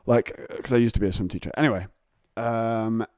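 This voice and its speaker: A man's voice: fairly low pitch, a little fast, darkish tone, no room sound, clean studio sound. An English man hosting a casual solo podcast from home, rambling and digressive with self-mocking humour. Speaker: podcast host. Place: home, on a couch.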